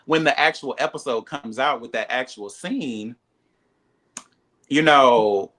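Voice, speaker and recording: A man with a bright, forceful voice tells his side of a reality-show falling-out in an interview. He talks in a loose, candid way, full of "like" and "you know," and acts out other people's lines. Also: slow. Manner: animated, acts out quoted dialogue in a higher voice; frequent "like" and "you know" fillers. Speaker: reality TV cast member, guest.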